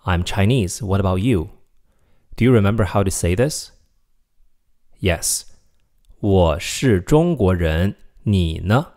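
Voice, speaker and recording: A man teaching a recorded video language lesson, slowing down to model example sentences clearly. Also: fairly low pitch, darkish tone.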